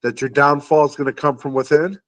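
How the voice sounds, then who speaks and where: Man asking halting interview questions. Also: a little high, steady tone, a bit bright, dry recording, low-quality recording. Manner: brief backchannel replies, halting questions. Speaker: podcast host.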